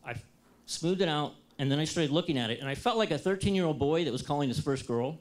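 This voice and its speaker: An American man giving a talk to an audience, telling a personal story in a lively, self-deprecating and humorous way. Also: on the high side, fast talker. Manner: lively, self-deprecating and humorous, acts out his own past dialogue.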